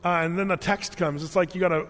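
Male pastor, casual funny sermon delivery, higher-pitched voice, long reverb. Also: fairly even intonation, fast talker, a bit bright. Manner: humorous storytelling, conversational. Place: large church hall.

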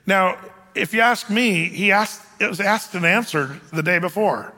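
A man's voice: high voice, a little slow, bright, forceful tone, big-room sound. A male pastor preaching a casual, conversational sermon, with frequent fillers and restarts, acting out the lines he quotes.

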